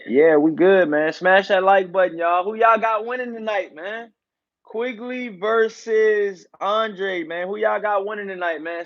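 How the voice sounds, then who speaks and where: A man's voice: high voice, a bit bright, muffled recording. A man hosting casual live boxing commentary for his channel, loose and hyped, leaning on fillers and catchphrases.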